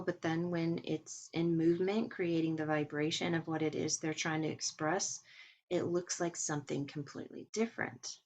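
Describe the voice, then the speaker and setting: A woman retells a talk in a casual way. She quotes the speaker and breaks in with her own asides. Her voice sits fairly low and has a husky, gravelly texture. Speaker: transcriber retelling a webinar.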